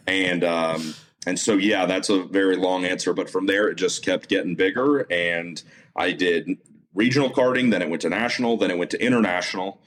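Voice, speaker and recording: A deep-voiced man spins a long anecdote in a relaxed interview, full of "uh" and self-repeats. A faint background noise sits under the recording. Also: moderate pace. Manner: animated storyteller, many fillers and self-repeats. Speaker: guest, motorsport announcer. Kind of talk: casual storytelling interview.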